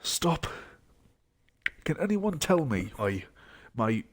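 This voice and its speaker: Taking it slowly, an unwell young game streamer rambles through casual commentary, mumbling asides to himself. His voice sits in the mid-range with big swings in pitch.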